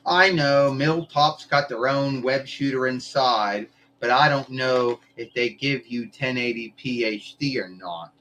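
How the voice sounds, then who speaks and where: A man hosts his live stream in an easygoing, wandering monologue. His voice sits at an ordinary middle pitch, and he drops casual swears as he goes. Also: measured pace, hardly any pauses, pushed and bright, slight background noise, low-quality recording. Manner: meandering, loose, swears casually. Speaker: livestream host.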